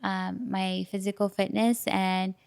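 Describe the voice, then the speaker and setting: Young woman, podcast co-host, chatty, giggles a lot, medium pitch. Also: flat delivery, a little slow, creaky, a little mellow, clear, resonant tone. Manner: chatty, giggly, lots of ums. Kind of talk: casual podcast conversation.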